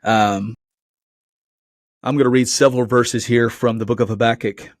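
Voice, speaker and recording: A man's voice: mid-range voice, fairly even intonation, moderate pace, no echo, clean studio sound. Earnest man preaching, conversational. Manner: earnest and conversational, often asking "right?". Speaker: podcast host and Christian teacher. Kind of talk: casual preaching monologue.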